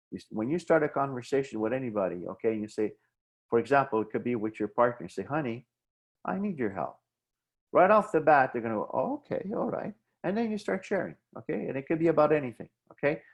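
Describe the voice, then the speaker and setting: A middle-aged man giving an instructional talk on helping people through grief. He often checks in with the listener and acts out short sample conversations. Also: mid-range voice. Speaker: wellness speaker.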